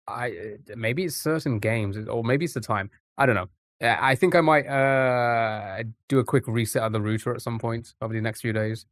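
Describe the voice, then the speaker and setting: A man's voice: mid-range voice, no room sound. A young English man chatting casually to his live-stream viewers, rambling and reacting to their messages. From England.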